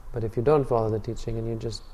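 Calm meditation teacher guy telling stories, mellow low tone, repeats himself, big hall echo. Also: very fast, slight background noise. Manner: calm storytelling, frequent restarts and repeated words. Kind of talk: Buddhist dharma talk. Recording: long reverb hall.

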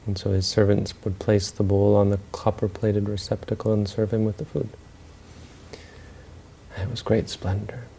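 Brief: male storyteller, dark gravelly voice, relaxed and unscripted. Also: lowish voice, normal speed, a little hiss or hum. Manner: loose, with fillers and restarts. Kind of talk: spoken storytelling talk.

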